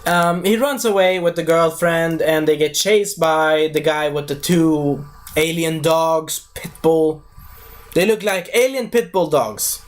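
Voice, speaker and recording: A man's voice: on the high side, unhurried. A man giving a casual spoken movie review, rambling, losing his thread and correcting himself as he goes.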